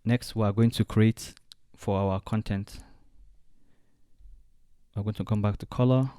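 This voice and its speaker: A man walking through a design software tutorial step by step, thinking aloud as he clicks along. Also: fairly low pitch, steady tone, unhurried, clean tone, dry recording, studio quality. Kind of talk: screen-recorded software tutorial.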